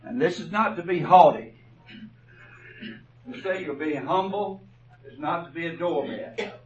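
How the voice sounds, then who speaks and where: A man preaching a sermon, telling stories slowly and deliberately, his phrases often trailing off softly. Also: a little high, very noisy. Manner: slow, deliberate storytelling with soft trailing phrases. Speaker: pastor. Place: church. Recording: dull, distant church recording.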